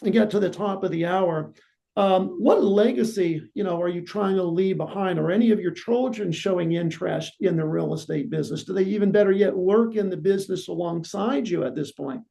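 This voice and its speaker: A man hosting a podcast interview, explaining things in a steady way with lots of "you know". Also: high voice, a little fast, creaky. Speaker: podcast host.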